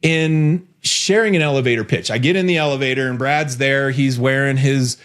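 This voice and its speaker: A man hosting a casual podcast chat, playful and animated, often laughing. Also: mid-range voice, moderate pace. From United States. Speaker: podcast host.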